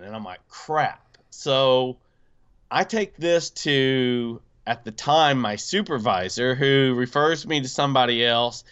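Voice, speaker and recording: A man casually telling a personal story on a podcast, animated, with many fillers and acted-out quotes. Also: mid-range voice, clear, resonant tone, dull audio. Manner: animated, acts out quoted voices, frequent fillers.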